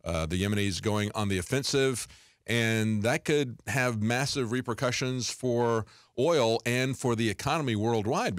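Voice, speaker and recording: A man with a lowish voice hosts an interview, recorded dry and close. He lays out long, conversational questions and pauses often on fillers as he thinks. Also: no room sound. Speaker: show host.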